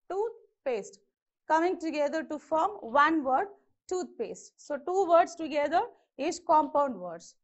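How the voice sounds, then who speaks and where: Indian English woman teacher, high and unhurried, patient drilling of words, dull lo-fi sound. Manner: slow, repeats each word to model its pronunciation. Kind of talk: exam-prep grammar lesson.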